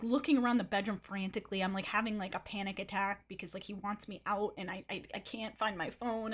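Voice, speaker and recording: A woman's voice: medium pitch, fairly bright tone. A young adult woman streamer telling a personal story in a candid, chatty way, swearing freely and filling with "like". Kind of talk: casual storytelling.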